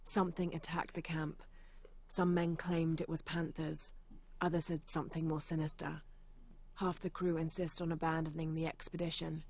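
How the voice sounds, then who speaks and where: An actress voicing a female adventurer in a video game, reading old journal entries aloud in a measured, serious way. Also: low voice, flat delivery, darkish tone. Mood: grim.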